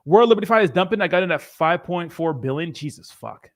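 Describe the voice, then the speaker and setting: A man's voice: fairly high pitch, lively intonation, fairly quick. A young man hosting a crypto livestream who reads out viewer comments in casual, rambling, profane chat.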